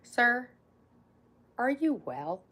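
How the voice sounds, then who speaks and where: A woman in her forties hosting a long casual livestream, chatty and sarcastic, reading out viewer comments, a little hoarse from talking for hours. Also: on the high side, very animated, very slow, a bit bright. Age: 40s. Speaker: livestream host.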